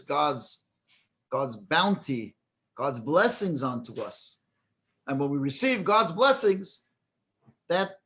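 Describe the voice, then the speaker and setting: Rabbi teaching, halting delivery. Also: male voice, on the high side, a bit bright. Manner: halting, many restarts and fillers, chuckles at his own joke. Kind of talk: storytelling then lecture.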